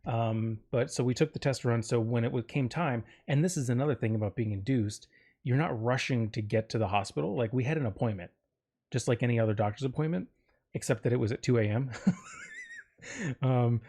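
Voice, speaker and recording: Speaking fairly quickly in a mellow, medium-pitched voice, this Florida man hosts a solo podcast. He rambles through a personal story, cutting himself off and tossing in fillers and jokes along the way.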